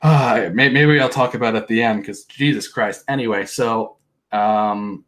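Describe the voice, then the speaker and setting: A man's voice: on the low side, unhurried, fairly bright tone. A young man hosting a podcast, recapping events in a casual, rambling way, often exasperated and breaking into mocking impressions. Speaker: podcast host. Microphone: handheld podcast mic.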